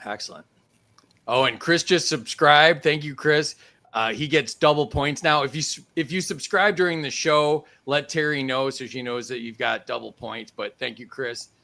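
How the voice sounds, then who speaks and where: A man's voice: mid-range voice, fairly even intonation, moderate pace, gravelly, pushed and bright. A man hosting a casual live-streamed game show over a video call, laughing easily between questions.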